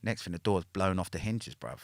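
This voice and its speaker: A man's voice: low voice, lively intonation, brisk, gravelly, no room sound, clean studio sound. A man, a podcast guest telling a story in casual talk, packed with slang and tags like "yeah?" and "innit". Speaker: podcast guest, former prisoner.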